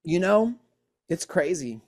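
A man's voice: high voice, big pitch swings, slow, a little mellow. A man hosting a podcast in casual chat, earnest and often repeating himself, saying "man" a lot. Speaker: podcast host.

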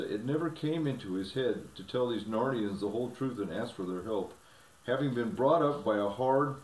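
A man narrating a children's fantasy book in an even, measured reading voice. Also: medium pitch. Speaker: audiobook reader. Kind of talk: storybook narration. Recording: roomy, from a distance.

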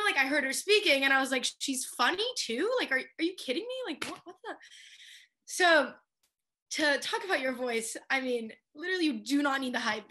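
A young woman in her twenties delivers a heartfelt tribute, her voice high-pitched and bright. She is crying, and her speech keeps breaking into laughter and filler words as she tries to hold it together. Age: 20s. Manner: tearful, laughing through words, many "like" fillers. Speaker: a cappella group member giving a senior tribute.

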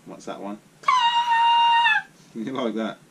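A man chatting gently with his young daughter, encouraging her and prompting her with questions. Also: on the low side, normal speed, over loud music. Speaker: father.

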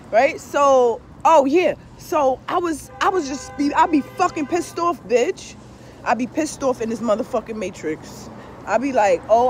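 Very high-voiced, blunt and foul-mouthed woman. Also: a little hiss or hum. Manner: profane and blunt, peppered with swear-word fillers; animated, with frequent laughs and asides. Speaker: tarot reader and spiritual vlogger. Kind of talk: casual rambling monologue.

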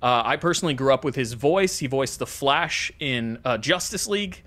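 American man, podcast co-host, mid-pitched easygoing chat, meandering delivery with lots of fillers. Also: moderate pace. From United States. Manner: relaxed, rambling, frequent fillers.

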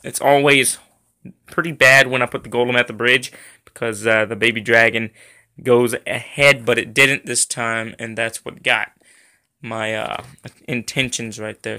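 Bright-voiced man rambling over gameplay. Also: mid-range voice. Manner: rambling, lots of ums and uhs; irritated at lag, complaining. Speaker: gaming YouTuber. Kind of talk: gameplay commentary.

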